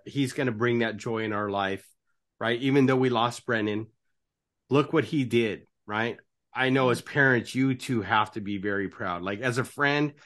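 A man's voice: medium pitch, a bit bright. Earnest man hosting, constant "right?". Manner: tags nearly every phrase with "right?"; earnest, encouraging. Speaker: podcast host and life coach. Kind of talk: casual interview.

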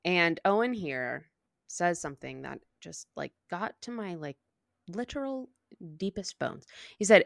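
A woman's voice: fairly low pitch, a little slow, creaky, dry recording, clean studio sound. A woman co-hosting a book podcast, casually retelling scenes and acting out quoted lines. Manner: relaxed retelling, acts out quotes. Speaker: podcast co-host.

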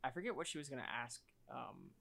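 A man's voice: mid-range voice, very animated, quick pace, creaky, a crowd in the background. A young man in casual chat, joking and teasing his friend. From St. Louis area, US.

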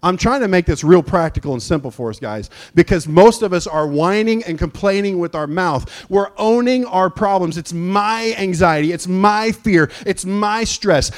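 A man with a high-pitched voice preaches a sermon. He talks in an emphatic call-and-response manner, firing questions at his listeners and pressing each point home. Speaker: pastor.

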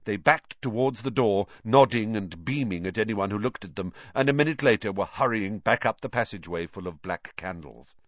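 A man narrating a fantasy audiobook with expressive storytelling. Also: on the low side, moderate pace, few pauses, no room sound. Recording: dry, slightly dull recording.

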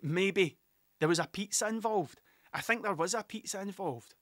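A young Scottish man rambles through a casual solo podcast, swearing freely and drifting between stories. His voice sits a little high and sounds bright and forceful. The recording is dry and close to the mic. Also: moderate pace, no echo. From Scotland. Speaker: podcast host.

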